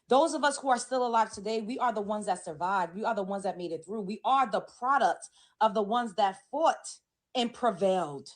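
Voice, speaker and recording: A woman's voice: medium pitch, lively intonation, normal speed. A woman giving emphatic, indignant commentary with rising emotion. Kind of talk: impassioned commentary clip.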